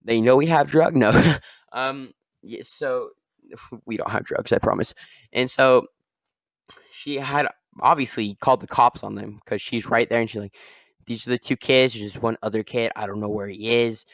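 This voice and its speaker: A man hosting his own podcast, telling a story casually and rambling, often tagging sentences with a quick "all right?". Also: mid-range voice, no room sound, studio quality. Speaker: podcast host.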